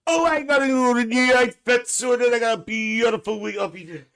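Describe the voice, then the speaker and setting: A cheeky, gossipy Northern Irish aunty, played by a man, holds court on a live stream, her Northern Irish accent thick and her voice pitched up high. She chatters bawdily and cackles at her own jokes between greetings to her viewers. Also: normal speed, fairly bright tone, clear, resonant tone. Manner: chatty, bawdy, cackles constantly. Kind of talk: live-stream banter in character.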